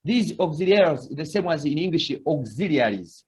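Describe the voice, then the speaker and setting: A man's voice: a little high, big pitch swings, moderate pace, darkish tone. A man teaching a beginner language lesson, patiently repeating words for students to echo. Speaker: French teacher.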